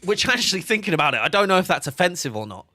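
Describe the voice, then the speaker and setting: A man's voice: high voice, sing-song, very fast, pushed and bright, dry recording, soft background music. A man, chatting casually on a game livestream, laughing often and reading chat aloud. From England. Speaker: game streamer.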